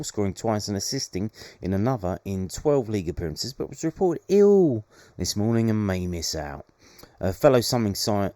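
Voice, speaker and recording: Low-voiced man reading football news. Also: mellow, no echo. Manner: reads news with sarcastic asides. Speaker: podcast host. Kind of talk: casual daily news podcast.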